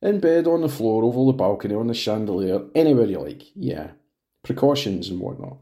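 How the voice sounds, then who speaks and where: Man reading male detective, wry, teasing, low voice, audiobook. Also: expressive, fairly quick, warm tone. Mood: needling. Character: genial, needling male police detective.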